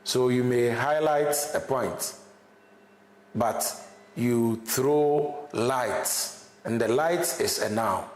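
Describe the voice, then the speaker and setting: A man's voice: mid-range voice, drawn-out words. A male university lecturer, teaching an online class, repeating his examples and checking in with "okay?". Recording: echoey room.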